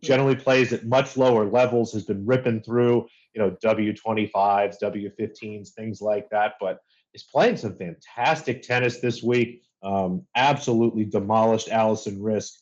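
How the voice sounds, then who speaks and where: A man giving a steady, analytical run-through of tennis betting picks in a casual chat. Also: on the low side, moderate pace, lo-fi sound.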